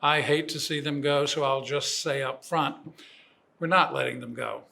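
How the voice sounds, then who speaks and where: An older man, a program director, giving formal commencement remarks in a measured, admiring way. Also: medium pitch, creaky, bright, forceful tone, slight background noise. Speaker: program director introducing the speaker.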